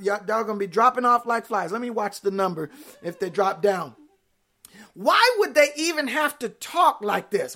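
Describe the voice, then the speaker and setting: High-voiced woman preaching playfully. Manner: animated, playful preaching with rhetorical questions. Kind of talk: sermon.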